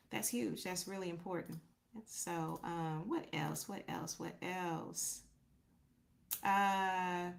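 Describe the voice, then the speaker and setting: A woman's voice: mid-range voice, gravelly, fairly bright tone. Woman podcast host, casual and reflective, mid-range voice, talks straight to her viewers. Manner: reflective, faith-centered, reads out viewer comments; loose, conversational, repeats herself and thinks aloud. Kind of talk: casual livestream chat with viewers.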